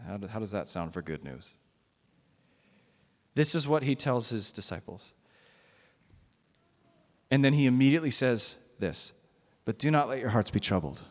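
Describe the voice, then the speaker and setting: A man's voice: mid-range voice, very animated, normal speed, long pauses. A man preaching a sermon as pastor, conversational and emphatic, recorded in a church sanctuary. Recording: long reverb of a church hall.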